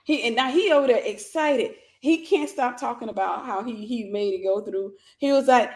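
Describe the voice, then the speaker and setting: A woman with a somewhat high voice tells a story to her vlog viewers. She speaks in a lively, animated way and plays out every line of the dialogue herself. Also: moderate pace, echoey room. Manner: animated retelling, acts out dialogue. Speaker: vlog host.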